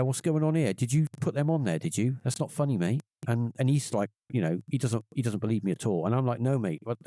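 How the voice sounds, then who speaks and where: A middle-aged man, telling a personal story on a podcast and acting out the voices of the people in it. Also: dry recording. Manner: animated, acts out quoted voices in a higher pitch. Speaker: podcast guest. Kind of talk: casual storytelling.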